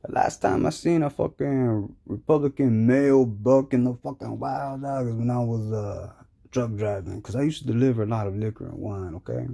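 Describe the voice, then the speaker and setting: A man tells a crude comic story in a rambling, profane, slang-heavy rant. His voice is gravelly and rough. It sits at an average pitch. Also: moderate pace, warm tone.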